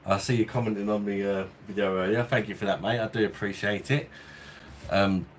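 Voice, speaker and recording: On the low side and fairly even in intonation, this man's voice moves a little fast, with a little hiss or hum behind it. He is a Londoner with a Cockney, South East London accent, casually rambling and chuckling through a home beer-review livestream, fan going in the heat.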